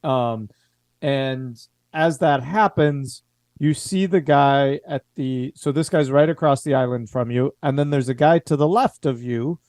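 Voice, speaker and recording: A man running a tabletop game as game master, describing the action in a measured way. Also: medium pitch, darkish tone, no echo, studio quality.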